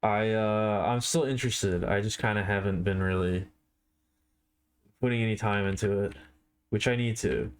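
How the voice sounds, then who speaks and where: Drowsy low-voiced man streaming. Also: steady tone, smooth. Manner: slow, drowsy, stoner-like drawl. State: tired. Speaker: art streamer. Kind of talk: casual live-stream chat.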